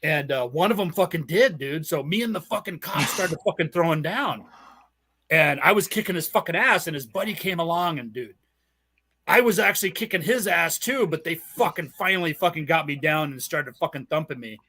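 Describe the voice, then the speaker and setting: A man's voice: fairly high pitch, expressive, fairly quick, pushed and bright, breathy edge. A man from Southern California telling rambling, profanity-heavy stories on a podcast, laughing often. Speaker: podcast host. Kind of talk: casual storytelling chat.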